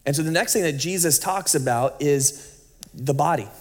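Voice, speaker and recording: A man in his thirties, a pastor giving a sermon and telling a personal story in an animated way, acting out what people said. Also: fairly high pitch, moderate pace. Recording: long hall reverb.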